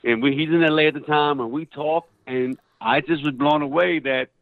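A man's voice: on the high side, normal speed, no room sound. A middle-aged man, an actor, telling a story in a casual interview, acting out quoted voices. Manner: animated, acts out quoted voices loudly. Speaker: actor guest. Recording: tinny phone-like line.

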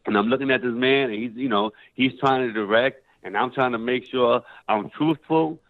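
A man's voice: medium pitch, normal speed, no room sound. A middle-aged man, an actor, telling a story in a casual interview, acting out quoted voices. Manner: animated, acts out quoted voices loudly. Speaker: actor guest. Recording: tinny phone-like line.

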